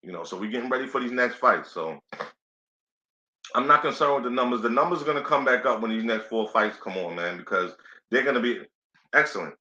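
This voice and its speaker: A man's voice: mid-range voice, lively intonation, fairly quick, sharp tone. A man hosting a casual live boxing play-by-play stream, laid-back and chatty, often saying "you know what I'm saying.". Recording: echoey room, dull lo-fi sound.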